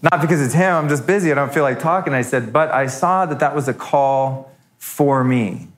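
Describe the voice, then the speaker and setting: A man's voice: mid-range voice, moderate pace. A middle-aged man hosting a live show, telling a story candidly and acting out the voices he quotes. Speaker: podcast host. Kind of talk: live talk to an audience.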